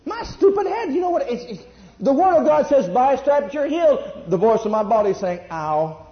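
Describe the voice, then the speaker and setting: A man preaching a sermon, emphatic, jumping between loud bursts and quiet asides. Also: extremely high pitch, animated, brisk. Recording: echoey room, dull lo-fi sound.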